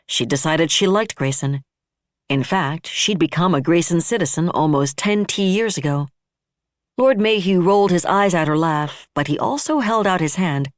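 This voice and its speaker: A steady audiobook narrator delivers scripted narration in a mid-range voice. The recording is dry.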